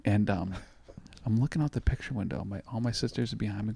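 A middle-aged man telling a funny, spooky childhood story in casual chat, animated and laughing easily. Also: on the low side, a little fast, vocal fry, slight background noise.

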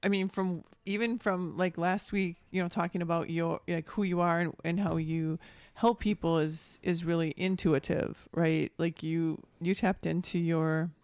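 Interviewer, gravelly fry, close dry mic, searching and rephrasing. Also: mid-range voice, little pitch movement, a little slow, darkish tone, dry recording. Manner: searching, rephrases with many fillers, checks understanding. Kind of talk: casual interview.

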